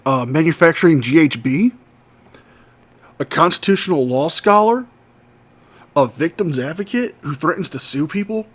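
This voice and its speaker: A man's voice: on the high side, animated, moderate pace, long pauses, breathy edge. A man giving scornful, sarcastic commentary over video clips. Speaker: commentary host.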